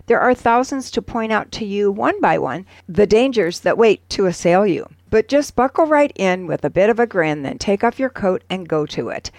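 A woman's voice: mid-range voice, no room sound. A woman co-hosting a casual radio show, reading an ad and reciting a poem expressively. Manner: expressive, sing-song reading. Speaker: radio co-host.

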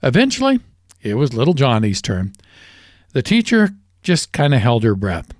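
A man's voice: mid-range voice, wildly swooping pitch, normal speed, dry recording, studio quality. A man co-hosting a short radio segment, reading a sponsor spot and telling a joke in a folksy way. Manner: folksy storyteller doing character voices in a joke. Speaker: co-host.

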